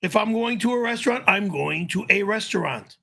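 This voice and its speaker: A man doing a gravelly, high-pitched, cursing ranter. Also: lively intonation. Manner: cursing, quick-tempered, flies into high-pitched yelling. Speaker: host of a live stream. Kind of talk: irate live-stream rant.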